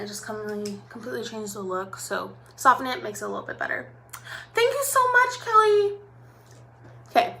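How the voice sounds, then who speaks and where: Bubbly young woman with a gravelly edge. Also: a little high, sharp tone. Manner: chatty and bubbly, addressing viewers. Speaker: makeup artist. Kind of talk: live makeup tutorial.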